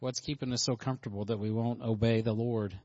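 A man's voice: mid-range voice, fairly even intonation, fast, a little mellow, no echo. A male pastor responding to a sermon in a loose, rambling way, full of fillers and restarts. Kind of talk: casual remarks after a sermon. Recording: dry, dull audio.

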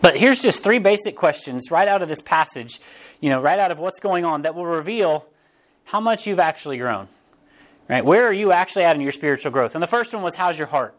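A man preaching a sermon as pastor, in a casual, animated way, often restarting phrases and briefly acting out quotes. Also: fairly high pitch, fast talker. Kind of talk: conversational sermon.

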